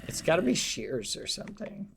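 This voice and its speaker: A man's voice: sits high, very animated, normal speed, creaky, music in the background. A young man chatting playfully with viewers during a casual live game stream. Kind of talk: casual live-stream chat while playing.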